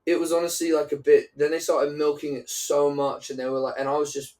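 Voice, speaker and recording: A man's voice: a little high, flat delivery, a little fast, darkish tone. Young rambling man, mic a bit distant. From England. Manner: rambling, restarts sentences, casual swearing. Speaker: guest singer. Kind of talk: casual interview chat.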